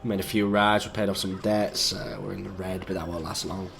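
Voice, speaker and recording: A young man, croaky and under the weather, chatting in a rambling, easygoing way while playing a game. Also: low voice, level tone, brisk, a bit bright, slight background noise. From England. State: croaky, sick voice. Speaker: gaming YouTuber. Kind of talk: rambling let's-play commentary.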